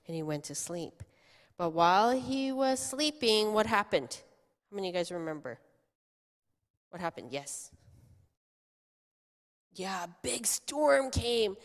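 A woman pastor giving a children's sermon, telling a story in an animated way and asking the children questions. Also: mid-range voice. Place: church sanctuary. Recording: long church reverb.

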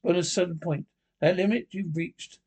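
A man's voice: high voice, steady tone, moderate pace, a little mellow, slightly rough. A man voicing a stern, solemn old male badger who talks in a grave, commanding way.

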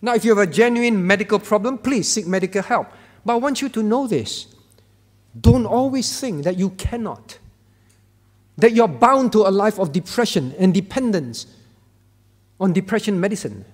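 A male pastor preaching a sermon with emphatic repetition, swinging from quiet to loud. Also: sits high, lively intonation, moderate pace. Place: church sanctuary. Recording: church hall with long reverb.

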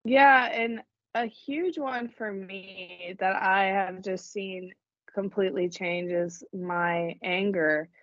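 A woman talks emotionally and animatedly in a relaxed faith chat, and she laughs often. The recording is dry and dull, with no room sound. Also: medium pitch, takes it slowly, no room sound. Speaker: podcast co-host.

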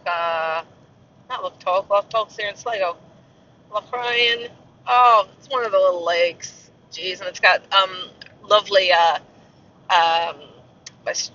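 A man's voice: high-pitched, sharp tone, a little hiss or hum. A man who works as a castle tour guide, chatting in a rambling, self-mocking vlog style. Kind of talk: casual vlog chat. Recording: muffled, slightly distant mic.

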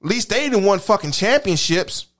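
A man with a high-pitched voice delivers a crude, heated rant in casual talk. He curses constantly and hammers his points home by repeating them. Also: very animated, normal speed, fairly bright tone. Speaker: podcast co-host. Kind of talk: profane casual sports rant.

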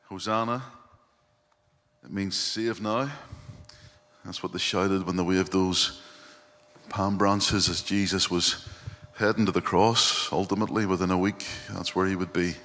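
A man's voice: low-pitched, steady tone, unhurried, fairly bright tone. A male pastor giving an earnest, reflective sermon and often quoting scripture. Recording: long hall reverb, faint hum.

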